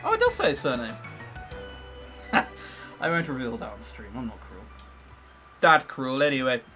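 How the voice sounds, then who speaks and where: A man's voice: mid-range voice, wildly swooping pitch, moderate pace, bright, forceful tone, soft background music. A young English man chatting on a casual livestream, joking and self-mocking. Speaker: streamer.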